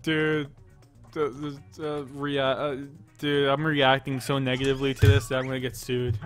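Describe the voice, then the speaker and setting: A man's voice: mid-range voice, little pitch movement, moderate pace, clean tone, soft background music. Brief: young male streamer, easygoing mid voice, mumbled banter. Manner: laid-back, repeats 'dude', often mumbles. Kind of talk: casual stream chat.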